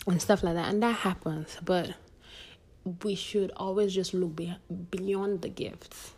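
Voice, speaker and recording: On her podcast, a young female host shares personal stories in a candid, conversational advice monologue drawn from her life. She talks at normal speed with a medium-pitched, darkish voice, over a faint hiss or hum.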